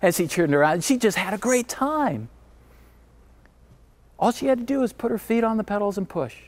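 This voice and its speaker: A middle-aged man giving a motivational keynote, telling a story emphatically and dropping to a hush at times. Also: high-pitched, sing-song, moderate pace. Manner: emphatic, swings from driving to hushed.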